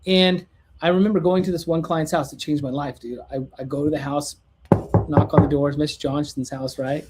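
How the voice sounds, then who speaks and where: A man from California, a podcast guest, telling an animated, lively story and acting out the dialogue in casual chat. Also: on the high side, brisk, slight background noise.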